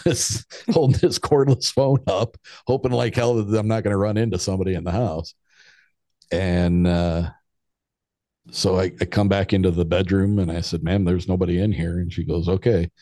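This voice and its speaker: A man's voice: deep voice, dark tone, dry recording, clean studio sound. A man in his fifties telling a casual personal anecdote, rambling along with restarts and chuckles. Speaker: storyteller.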